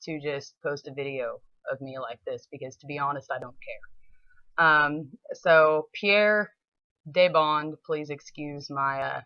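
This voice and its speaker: Laid-back Southern woman, bright and blunt. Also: deep voice, level tone, measured pace, no room sound, dull audio. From southern United States. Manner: blunt, laid-back, chatty with frequent fillers. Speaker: model and vlogger. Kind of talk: casual chat to camera. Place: home, sitting on the floor indoors.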